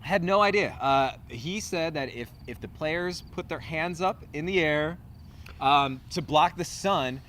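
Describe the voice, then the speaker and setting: A man's voice: fairly high pitch, measured pace, fairly bright tone, a little hiss or hum. A man co-hosting a sports podcast in casual chat, loose and joking, swearing freely. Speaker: podcast co-host.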